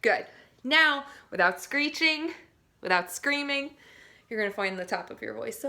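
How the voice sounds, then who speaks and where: A young woman, a teaching artist, leads young students through a playful physical and vocal warmup and demonstrates the sounds herself. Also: fairly high pitch, expressive, normal speed, soft background music.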